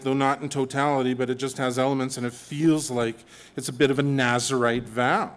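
A man preaching a sermon in a conversational, animated way, with humorous asides. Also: medium pitch.

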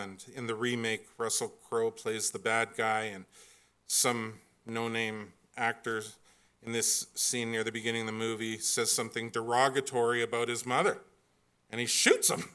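Middle-aged man, bright tense voice, rambling, self-mocking humor, lots of fillers. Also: medium pitch, clean tone. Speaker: speaker. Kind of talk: humorous personal storytelling.

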